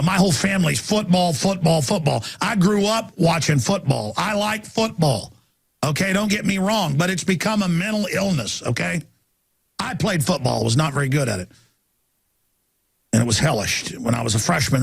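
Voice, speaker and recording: Gravelly, ranting male radio host. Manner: ranting, swinging from shouts to low murmurs. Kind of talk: impassioned talk radio monologue.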